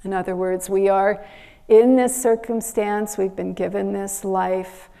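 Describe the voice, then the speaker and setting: Slow, gravelly-voiced woman minister. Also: mid-range voice, fairly even intonation. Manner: slow, gentle storytelling with pauses. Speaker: minister giving a Sunday service. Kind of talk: sermon with storytelling.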